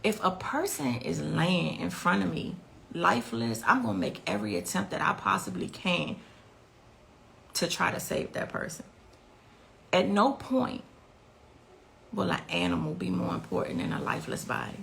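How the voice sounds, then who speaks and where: A woman's voice: fairly low pitch, normal speed, gravelly, long pauses, fairly bright tone, a little hiss or hum. A grieving mother recounting a night of violence in an emotional interview, her telling growing frantic as she relives it. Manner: recounts events with rising, frantic intensity.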